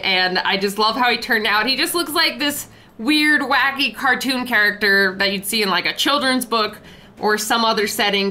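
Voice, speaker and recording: Young woman artist-host, chatty voice-over, bright voice pitched a little high, faint music underneath. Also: poor audio. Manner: chatty, bubbly, lots of filler "like". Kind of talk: casual voice-over recap of a drawing.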